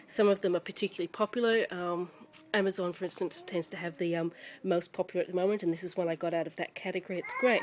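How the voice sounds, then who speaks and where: A woman's voice: fairly low pitch, steady tone, quick pace, few pauses, soft background music. A woman, a native English speaker, casually showing children's books at home to a camera mic, chatty and rambling with many fillers and restarts. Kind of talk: casual show-and-tell chat.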